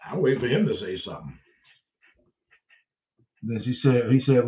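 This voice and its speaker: A man's voice: mid-range voice, expressive, moderate pace, pauses often. A man hosting his own show and telling a rambling, profane story in a casual monologue. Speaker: show host. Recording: tinny phone-like sound.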